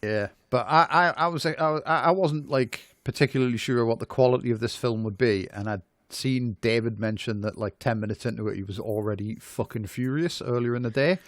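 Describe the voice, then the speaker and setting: A man's voice: mid-range voice, brisk, few pauses, dry recording, studio quality. A man co-hosting a podcast, reviewing a film in rambling, amused casual chat full of fillers. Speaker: podcast co-host.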